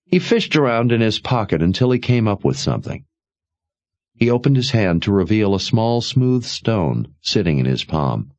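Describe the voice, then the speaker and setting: Deep male audiobook narrator, slow and expressive; dry, slightly dull recording. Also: no room sound. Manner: expressive storytelling. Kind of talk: scripted narration.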